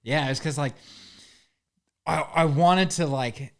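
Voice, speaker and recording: A man's voice: a little high, slow pace. Laid-back young man chatting. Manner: laid-back, heavy on "like" and "bro", acts out quotes. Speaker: podcast guest. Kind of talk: casual chat.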